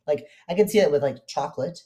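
A woman's voice: low voice, fast, mellow. A woman co-hosting a podcast in casual chat, chatty and giggly, with lots of fillers. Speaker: podcast co-host.

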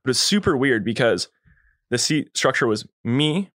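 A man's voice: medium pitch, animated, moderate pace, fairly bright tone, dry recording, studio quality. A young man, a podcast guest, telling a long story in a laid-back, slangy way and acting out quotes. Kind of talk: casual storytelling.

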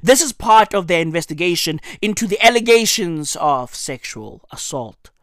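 A man's voice: sits high, expressive, moderate pace, a bit bright, no echo, clean studio sound. A man giving profane, mocking satirical commentary on the news, full of slang asides.

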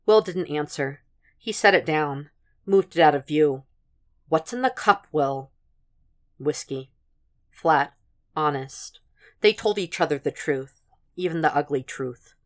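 A woman narrates a fan fiction audiobook in a low voice. Her storytelling is steady and even. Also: a little slow. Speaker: podfic reader.

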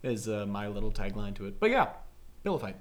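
Animated man telling a rambling story. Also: lowish voice, brisk. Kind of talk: casual chat storytelling.

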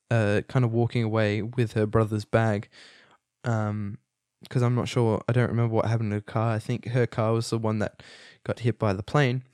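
A young movie reviewer rambles casually through a film review, amused and loose, full of fillers and false starts. His ordinary mid-pitched voice has a darkish tone, recorded close and dry with no room sound or echo.

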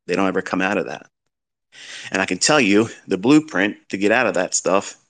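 In a lecture-style talk, a middle-aged trading mentor hands out blunt, fatherly advice and asks rhetorical questions. His voice is fairly low, creaky and a bit bright.

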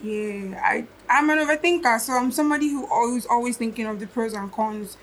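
A woman's voice: a little high, fairly quick, slight background noise, rough recording. Young woman musing aloud on a podcast. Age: young adult. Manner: reflective, musing, thinks aloud. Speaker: guest musician. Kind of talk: casual podcast interview.

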